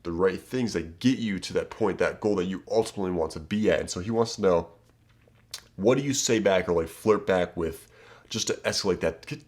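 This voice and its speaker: Man, low voice, dating coach, casual advice talk, emphatic, keeps saying okay and right. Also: fairly quick, darkish tone. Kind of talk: direct-to-camera advice talk.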